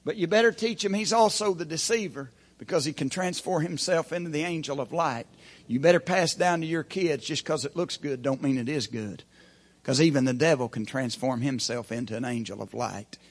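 A man's voice: mid-range voice, moderate pace. A man preaching a sermon from the pulpit as pastor, folksy and plain-spoken, asking the congregation rhetorical questions. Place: church pulpit.

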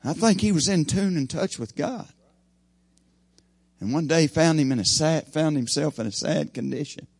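A man preaching an evening sermon, his voice swinging from loud emphasis to hushed asides. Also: a little high, normal speed, vocal fry, breathy edge, no room sound.

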